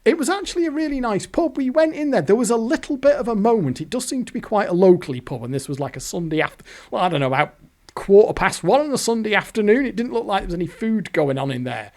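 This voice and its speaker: A man's voice: sits high, animated, quick pace, a little mellow. An English man telling a rambling, chatty story over pictures as host of a gambling video channel. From England. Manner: rambling, chatty, self-correcting, swears casually.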